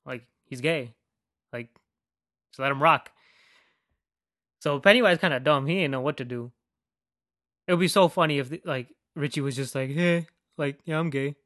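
A man's voice: medium pitch, normal speed, pauses often, fairly bright tone, no echo, clean studio sound. A man hosting a podcast in a casual, rambling rant, swearing freely and filling his speech with "like.". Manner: rambling, profane, heavy use of "like". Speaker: podcast host.

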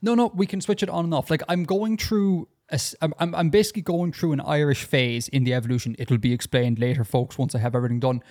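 Chatty man with halting restarts. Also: fairly high pitch, fairly even intonation, darkish tone. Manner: chatty, hesitant with many restarts and fillers. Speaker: podcast co-host. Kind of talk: casual podcast discussion.

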